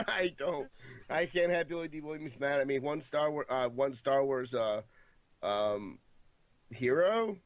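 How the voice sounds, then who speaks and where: A man co-hosting a casual podcast who talks in halting, self-interrupting bursts and keeps trying to steer the topic. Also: medium pitch, animated, dry recording. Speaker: podcast co-host.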